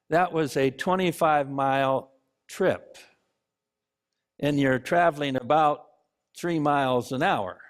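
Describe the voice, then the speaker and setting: A man preaching a sermon in a church, slow and deliberate, pausing for emphasis. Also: medium pitch. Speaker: pastor. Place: church sanctuary.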